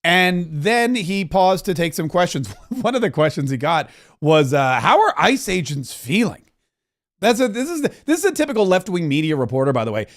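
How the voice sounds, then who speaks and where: A man's voice: sits high, very animated, moderate pace. A man hosting a podcast, giving impassioned political commentary full of repetition and restarts. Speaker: podcast host.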